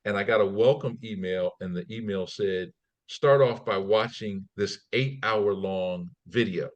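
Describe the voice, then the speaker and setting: Speaking unhurriedly in a voice on the low side, a man who runs a trading company talks casually as a podcast guest. He acts out the people he quotes in raised voices and often repeats and restarts his words.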